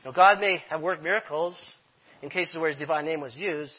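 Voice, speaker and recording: This congregation leader's voice is a little high, with a breathy edge, at normal speed. Preaching earnestly in the congregation room, he hammers home key phrases by repeating them; the recording is dull and lo-fi.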